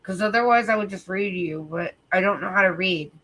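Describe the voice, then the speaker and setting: A woman's voice: medium pitch, fairly quick, a bit bright. A tired woman hosting a livestream, chatting casually with viewers in a rambling way, full of fillers and swearing. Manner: rambling, filler-heavy, profane. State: sleepy, tired. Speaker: livestream host.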